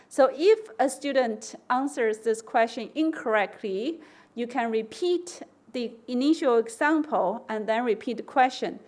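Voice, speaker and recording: A woman giving an academic conference lecture, explaining testing steps and acting out example prompts with slow, stressed words. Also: fairly high pitch. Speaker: conference speaker.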